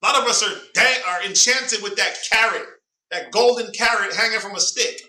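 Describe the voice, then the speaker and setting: A man's voice: sits high, normal speed, sharp tone, a little hiss or hum. A man leading a Bible class with call-and-response, emphatic and preachy, prompting a reader along. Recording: roomy sound from a distant mic.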